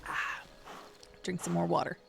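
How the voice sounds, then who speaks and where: A woman streamer giving casual, playful commentary while she plays a video game, chatting to viewers and humming sing-song filler noises. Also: a little slow. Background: game music.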